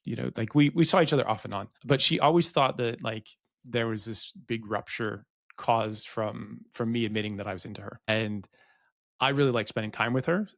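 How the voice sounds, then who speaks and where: Middle-aged guy rambling thru an awkward dating story, lowish voice, dry close mic. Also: fairly quick, gravelly, no room sound. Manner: rambling, self-deprecating, acts out quoted dialogue. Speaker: podcast co-host. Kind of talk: candid storytelling.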